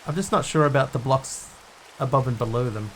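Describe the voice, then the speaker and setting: A man streaming a building game, talking through what he does and answering questions from viewers in a relaxed, casual way. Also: medium pitch, brisk, slight background noise. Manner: thinks aloud while building, answering viewers' chat.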